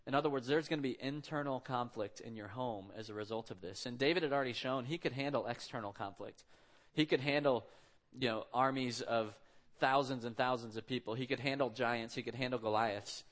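A man's voice: mid-range voice, fairly quick, fairly bright tone. A man in his thirties preaching a sermon in a conversational, storytelling way. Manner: conversational storytelling, acts out quotes. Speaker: pastor.

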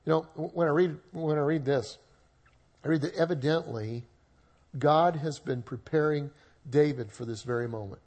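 A man's voice: a little high, moderate pace, a little mellow. A male pastor preaching a sermon in a conversational way with humorous asides.

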